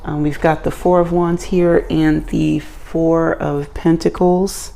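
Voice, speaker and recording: A woman's voice: deep voice, level tone, slow, gravelly, dark tone. A woman hosting her own channel, giving a casual tarot reading in a playful, chatty way with self-joking asides. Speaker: tarot reader and channel host.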